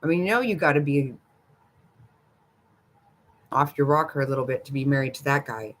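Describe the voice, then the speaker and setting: With a bass voice and a slightly fast pace, an older woman hosts a relaxed livestream chat. She trades gossip, giggles frequently and talks back to her viewers' messages.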